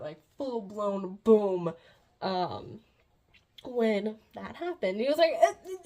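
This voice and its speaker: A woman with a fairly high voice recapping a book in a loose, chatty way. She rambles, stumbles over fillers and giggles often as she retells the plot. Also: dark tone. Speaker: book reviewer.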